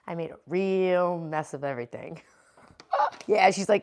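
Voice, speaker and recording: A woman's voice: fairly low pitch, big pitch swings, normal speed, darkish tone. A woman hosting a casual livestream, chatting and answering viewer comments as they come in. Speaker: livestream host.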